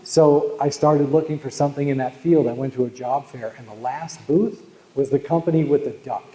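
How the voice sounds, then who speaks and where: A man's voice: mid-range voice, normal speed, mellow. A man with a Boston accent giving a live keynote on sales, telling jokes and stories and calling out to the audience. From Boston, USA. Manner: joking, storytelling, talks to the audience. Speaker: keynote speaker. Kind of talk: live motivational sales talk. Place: large hall at a live event. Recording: echoey hall with long reverb.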